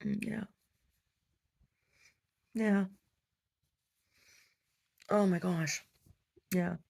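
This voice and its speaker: A woman talking casually in her video diary, chatty and affectionate, trailing into soft whispered asides. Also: medium pitch, fairly even intonation, extremely slow, vocal fry. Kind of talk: casual chat.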